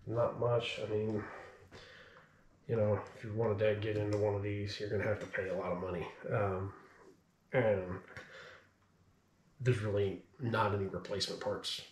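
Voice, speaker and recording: A low-voiced man with a drawl, a bit out of breath, rambling loosely with lots of ums and you-knows. He sounds set back from the mic in an echoey room, with a faint hiss underneath. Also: level tone, normal speed, pauses often, a little mellow, distant mic. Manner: rambling, filler-heavy, laid-back. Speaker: gun reviewer. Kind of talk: casual talk to camera.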